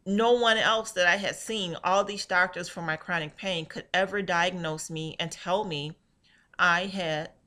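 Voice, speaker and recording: Low, forceful woman telling her story. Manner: earnest, emphatic storytelling; reenacts conversations in quotes. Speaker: patient sharing her story. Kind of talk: personal testimony.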